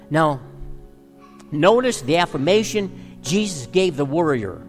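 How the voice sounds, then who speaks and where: A pastor delivering an emphatic sermon full of rhetorical questions. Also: male voice, on the high side, expressive, a little slow, pauses often, long reverb tail, soft background music.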